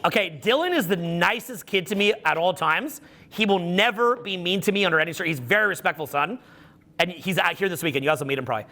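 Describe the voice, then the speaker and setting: A man's voice: sits high, lively intonation, fast talker, sharp tone. A middle-aged man giving a live seminar talk as a social skills coach, telling profane stories full of acted-out quotes.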